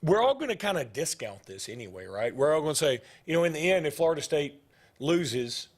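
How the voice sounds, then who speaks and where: A man hosting casual sports talk, animated and restarting his sentences as he pushes his point. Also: a little high, a little fast. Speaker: sports radio host.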